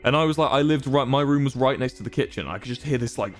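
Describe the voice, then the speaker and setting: A man's voice: medium pitch, quick pace, over music. A young man, a streamer telling rambling, self-amused stories to his chat. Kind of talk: casual storytelling to chat.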